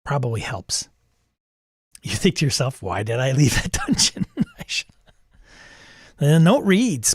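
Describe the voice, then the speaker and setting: A man's voice: mid-range voice, sing-song, measured pace, long pauses, slightly rough, no echo, studio quality. A man hosting, reading a text adventure aloud and reacting, wry and self-amused, chuckling at the game. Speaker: host.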